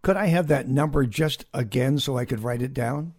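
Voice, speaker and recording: A man's voice: medium pitch, moderate pace, a crowd in the background. A man hosting a casual radio interview, chatty and jokey, with frequent stumbling restarts. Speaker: radio host.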